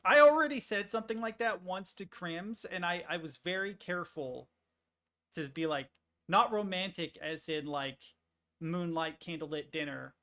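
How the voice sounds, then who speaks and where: Gravelly, swearing streamer man. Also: high-pitched, normal speed, sharp tone. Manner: swears freely, rambling with many restarts. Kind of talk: casual rambling chat while working on stream.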